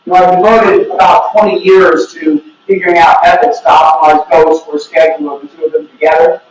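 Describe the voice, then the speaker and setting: A man's voice: fairly high pitch, level tone, brisk, slight background noise. A man giving an academic conference talk, opinionated and wry, with joking asides. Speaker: researcher presenting. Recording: echoey room, mic from far off.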